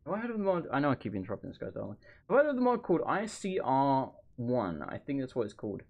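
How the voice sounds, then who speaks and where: Heard through phone-quality sound, a very animated man with a mid-range voice provides live gameplay commentary from his home room. He's overheated, rambling, and chatty, with quick asides aimed at viewers.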